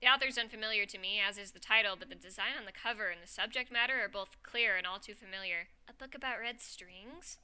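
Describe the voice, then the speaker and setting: A woman narrating a story in a live reading, lively and giggly, with off-script asides. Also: mid-range voice, fast talker, hardly any pauses, clear, resonant tone.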